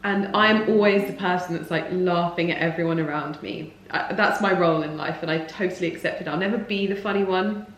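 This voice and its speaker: A woman's voice: on the low side, a little fast. A woman in her thirties chatting casually in a lifestyle vlog from her home kitchen, talking loosely with many fillers and frequent giggles. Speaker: lifestyle vlogger.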